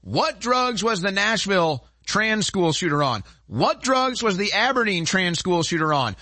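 A man's voice: high-pitched, sharp tone, dry recording. A man hosting a show, delivering a heated political commentary monologue in an indignant, emphatic way, piling up rhetorical questions. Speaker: show host.

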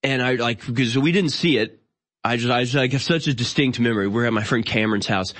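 A man in his thirties rants through an opinionated talk-show monologue in an exasperated, incredulous tone. His voice sits at an ordinary middle pitch. He stumbles and restarts often as he piles on sardonic asides. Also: a bit bright. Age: 30s. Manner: halting, with frequent restarts and fillers. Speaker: show host.

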